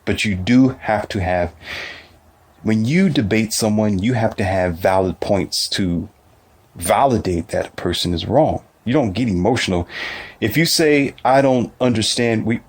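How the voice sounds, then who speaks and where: A man's voice: fairly low pitch, a little slow, husky. A man giving a casual, preachy motivational monologue, full of rhetorical questions.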